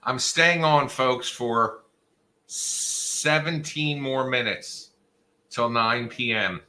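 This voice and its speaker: A man's voice: medium pitch, drawn-out words, bright, forceful tone. A man hosting a casual livestream chat, teasing and joking with his viewers. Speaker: livestream host.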